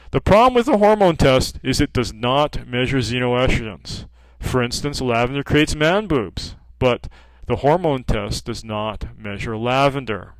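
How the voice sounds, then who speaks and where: This hormone practitioner, pitching progesterone cream, has a mid-range voice and an animated delivery at a moderate pace. He talks informally, recounts patient anecdotes, voices their phone calls, and says "okay" frequently; the recording is dry and rough.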